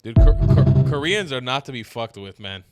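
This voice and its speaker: A man's voice: mid-range voice, lively intonation, normal speed, loud music behind the voice. Blunt, profane man reacting to clips. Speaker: commentary host. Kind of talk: reaction commentary.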